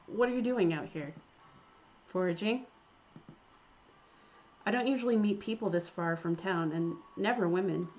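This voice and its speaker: A woman's voice: medium pitch, dull audio, lightly acted. A woman voicing a polite, fussy young British male botanist with a British accent, formal, earnest and stammering, in a game.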